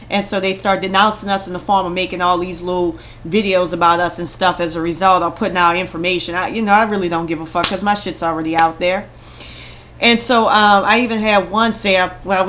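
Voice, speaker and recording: A woman's voice: lowish voice, fairly bright tone, slight background noise. A woman vlogger delivering an angry, heavily profane rant straight to camera, blunt and confrontational. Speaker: vlogger responding to critics.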